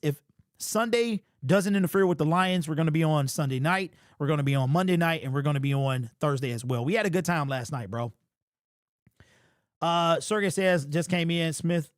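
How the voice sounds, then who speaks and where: Animated man hosting a sports talk stream. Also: on the high side, no echo, clean studio sound. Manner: animated, conversational, addresses chat directly. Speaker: podcast host. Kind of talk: casual sports talk with live chat.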